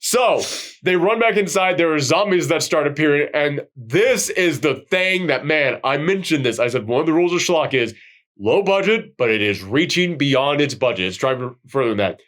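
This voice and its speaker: A man hosting a podcast, recapping a low-budget horror film in an excitable, rambling way and swearing freely. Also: moderate pace. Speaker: podcast host. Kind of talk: casual film recap chat.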